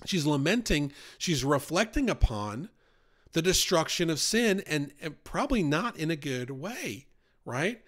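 Chatty New man teaching the Bible. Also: fairly high pitch. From New York. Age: 40s. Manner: chatty, asks "right?" and "you know?" often.

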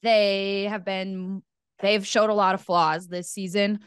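A woman's voice: medium pitch, flat delivery, slow, smooth, no room sound. A woman co-hosting a sports podcast in casual chat, dry and good-humored. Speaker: podcast co-host.

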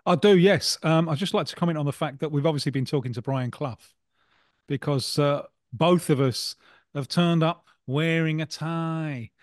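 A man's voice: a little high, normal speed, no echo, studio quality. A man co-hosting a casual football podcast, a storyteller who likes doing impressions. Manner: anecdotal storyteller, fond of impressions. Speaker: co-host, football pundit.

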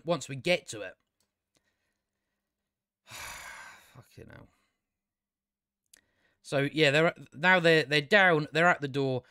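Exasperated, sarcastic man, higher-pitched. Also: bright, forceful tone, no room sound, clean studio sound. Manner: exasperated, sarcastic, swears a lot, many restarts. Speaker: video reviewer. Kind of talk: casual rambling review.

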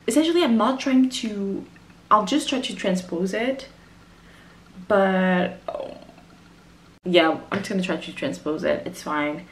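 A woman's voice: mid-range voice, expressive, normal speed. Chatty woman. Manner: rambling, chatty, self-interrupting. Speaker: music arranger vlogger. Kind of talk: casual chat to camera. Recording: roomy echo.

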